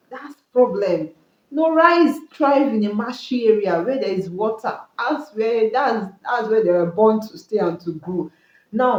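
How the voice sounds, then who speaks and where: A woman giving Christian marriage advice in an earnest, repetitive teaching style. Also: mid-range voice. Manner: earnest, repetitive preaching cadence. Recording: roomy, dull lo-fi sound.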